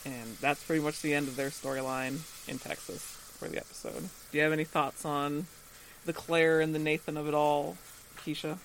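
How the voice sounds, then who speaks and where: A man co-hosting a podcast and recapping an episode in casual chat. He is animated, laughs often and acts out the characters' lines. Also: on the high side, normal speed, creaky, a little hiss or hum.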